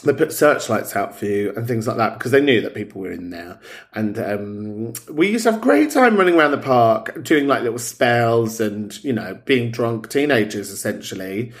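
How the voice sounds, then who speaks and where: A man's voice: mid-range voice, expressive, moderate pace. Male host, cheeky and sweary, easygoing mid-range voice. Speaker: podcast host. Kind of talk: casual chat.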